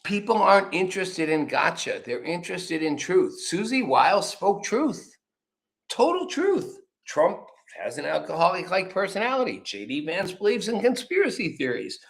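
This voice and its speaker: A man's voice: sits high, sing-song, moderate pace, gravelly, fairly bright tone. A man hosting a political commentary show, talking casually and rambling, swearing freely and acting out quotes. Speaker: show host.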